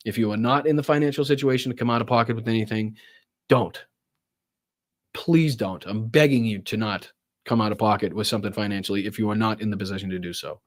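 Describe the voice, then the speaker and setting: A man hosting a political livestream, talking casually and rambling with lots of swearing and quick apologies. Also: medium pitch, no room sound, clean studio sound. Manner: profane, rambling, apologetic asides. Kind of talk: casual live commentary.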